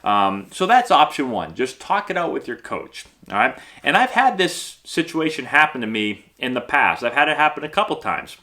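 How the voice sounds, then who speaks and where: Lively, bright-voiced baseball instructor. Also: male voice, medium pitch, normal speed, few pauses. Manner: upbeat, conversational, constant "okay?" and "right?" check-ins. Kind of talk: instructional coaching vlog.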